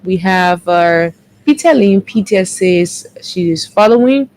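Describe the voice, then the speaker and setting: A woman, co-hosting a morning show and briskly reading out viewer comments, correcting herself as she goes. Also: lowish voice, animated, a little mellow, poor audio. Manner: brisk, with quick self-corrections.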